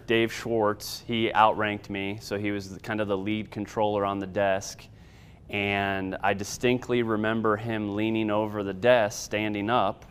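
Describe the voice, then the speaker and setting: Low-voiced guy, smooth clear tone, telling his story slow and steady with some uhs. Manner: measured storytelling with occasional fillers. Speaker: Air Force senior master sergeant giving testimony. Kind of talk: personal testimony speech.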